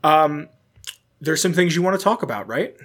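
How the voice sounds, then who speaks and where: A man from Pennsylvania co-hosting a casual gaming podcast, animated and prone to ranting with rapid questions and swearing. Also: fairly high pitch. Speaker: podcast co-host.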